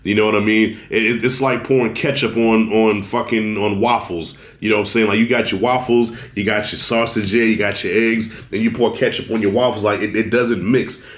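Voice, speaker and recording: A casual male movie reviewer with a fairly low pitch talks films in an echoey room. His style is loose and conversational, with swearing and viewers addressed as y'all, and he is fighting a cold, clearing his throat along the way.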